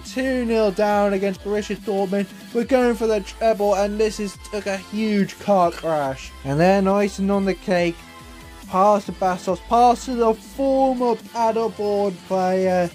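Casting: young man, high voice, gaming YouTuber calling his own football game, excitable, faint music under him. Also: slow pace. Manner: excitable, swings from gloom to yelling at goals. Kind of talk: live game commentary.

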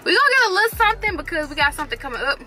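A woman's voice: very high voice, big pitch swings, very fast. A pregnant young woman co-hosting a casual couple's vlog, playful and slangy, a little out of breath. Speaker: vlog co-host. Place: in a truck.

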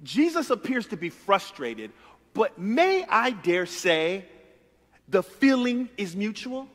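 Male pastor, high voice, animated conversational sermon, long hall reverb. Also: slow. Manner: conversational, animated preaching with repeated words. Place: church sanctuary.

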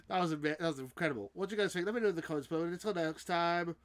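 A man's voice: a little high, quick pace, hardly any pauses. A man hosting a video, reacting to a game trailer with gasps, exclamations and laughter. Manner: gasping exclamations and laughter, shouting when thrilled.

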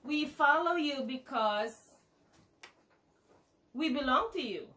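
A woman leads a children's liturgy in a fairly high voice. She asks simple questions and gives the group their prayer responses to repeat. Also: animated, slow pace, pushed and bright. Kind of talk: teaching children, leading prayers.

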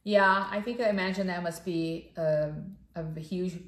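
A woman co-hosting a podcast in casual chat, talking in an animated way with many fillers. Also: lowish voice, a little slow. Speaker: podcast co-host. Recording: echoey room.

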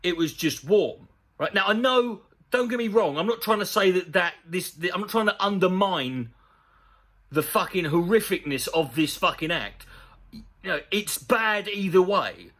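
A man delivers a profane, sarcastic comedy rant. His voice sits high and swings widely up and down. He keeps an animated, mocking edge throughout. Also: normal speed. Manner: sweary, sarcastic, animated ranting. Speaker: comedy commentator. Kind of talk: ranting comedic commentary on a news story.

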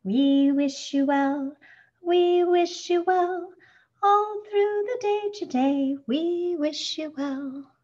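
Woman singing as a gentle cricket. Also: extremely high pitch, lo-fi sound, voice pushed up, full character voice. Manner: slow, gentle sing-song. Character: friendly cricket singing a kind song.

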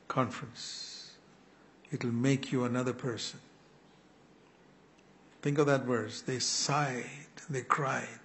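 An older man preaching a sermon in an earnest, pleading way, often clearing his throat. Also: mid-range voice. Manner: earnest, pleading, with quoted prayers.

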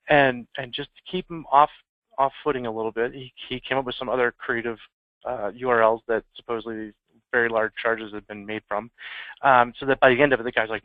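Fast-talking man on a tinny line. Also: mid-range voice, steady tone, dry recording. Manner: informal anecdotal storytelling. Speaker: security trainer. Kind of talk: conversational training presentation. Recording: tinny phone-like dry sound.

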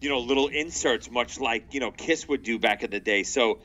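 Podcast guy with a bright forceful voice, chatty, amused. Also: mid-range voice, normal speed, highs cut off. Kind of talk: casual chat.

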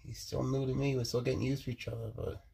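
Gravelly laid-back man chatting about his snakes. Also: mid-range voice, little pitch movement, fast talker, warm tone. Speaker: snake keeper. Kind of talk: casual chat to camera.

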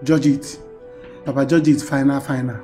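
A man's voice: mid-range voice, level tone, normal speed, warm tone, faint music behind, close to an everyday voice. An actor playing a stubborn man who firmly refuses, in a film drama. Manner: firm, dismissive.

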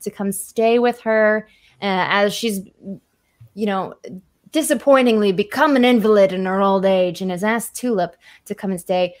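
A woman's voice: medium pitch, moderate pace. A woman narrating a tabletop horror game as game master, chatty with many fillers.

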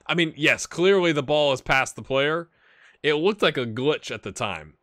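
A man's voice: a little high, expressive, moderate pace, fairly bright tone. A man hosting a casual let's-play video, chatting and rambling to his viewers as he plays. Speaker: gaming channel host.

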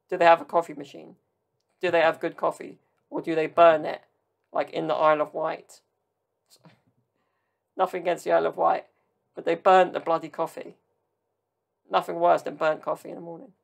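With a medium-pitched voice marked by vocal fry, this Southern Italian host talks alone in a casual podcast chat. They ramble, wander off on tangents, and drop in joking asides.

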